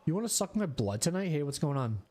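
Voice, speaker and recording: A man's voice: a little high, sing-song, fast, darkish tone. A man streaming a video game, chatting and teasing in a joking, casual way.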